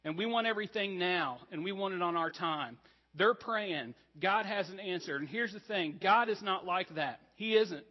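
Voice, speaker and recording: A man's voice: high-pitched, moderate pace, big-room sound, highs cut off. A man preaching a sermon as pastor, conversational and earnest, with casual asides to the congregation. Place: church sanctuary.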